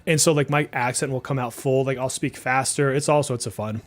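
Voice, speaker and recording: A man with a faint Boston accent, co-hosting a casual podcast, relaxed and chatty with lots of fillers. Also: mid-range voice, brisk. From New Jersey and Massachusetts, US. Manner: relaxed, chatty, laughs often, many likes. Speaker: podcast co-host.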